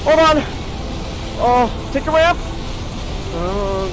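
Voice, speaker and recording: A man's voice: high-pitched, unhurried, noisy background. A man streaming a game, chatting casually and yelping and laughing as he plays. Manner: excitable, yelps and laughs at the game. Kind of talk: casual gaming stream chat.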